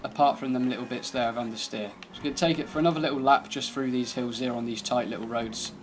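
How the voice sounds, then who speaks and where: A man's voice: mid-range voice, fairly even intonation, quick pace, slight background noise. A man giving casual, laid-back commentary over gameplay, thinking aloud as he drives and tests a car. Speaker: gaming channel host.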